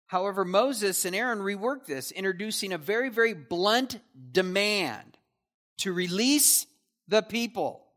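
A man's voice: high-pitched, lively intonation, measured pace, a bit bright. A man teaching through a Bible passage verse by verse, with casual asides that check in with his listeners.

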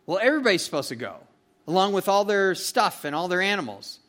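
A man with a slightly raised pitch teaching a verse-by-verse sermon. He talks in a folksy, chatty way, full of fillers, and keeps checking in with his listeners. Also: sing-song, fast, a bit bright. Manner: folksy and chatty, asks "okay?" and "you know", with many fillers. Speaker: pastor teaching a Bible study.

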